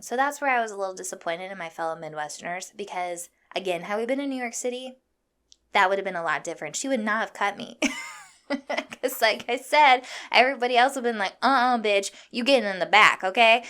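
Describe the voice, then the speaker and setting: A young woman from Iowa hosting a podcast, telling a story in a fired-up, profane, animated way. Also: mid-range voice. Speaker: podcast host. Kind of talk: casual storytelling monologue.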